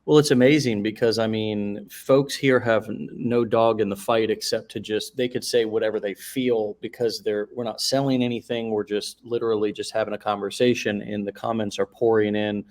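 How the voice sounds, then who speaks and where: This host of a live interview show speaks in a fairly low, darkish voice at normal speed with little pitch movement. He gushes and rambles through long questions, restarting often and leaning on fillers.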